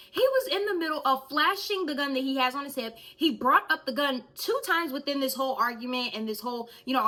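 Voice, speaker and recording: A young woman telling a storytime vlog in an animated way, speaking straight to her viewers. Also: high voice. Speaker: vlogger.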